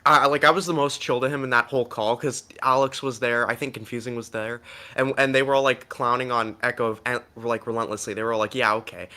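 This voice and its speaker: A man's voice: medium pitch, sharp tone. A man telling a long rambling story on a voice chat, tumbling over fillers and restarts and swearing freely. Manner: rapid rant, full of fillers and restarts, swearing. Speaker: guest on a stream call.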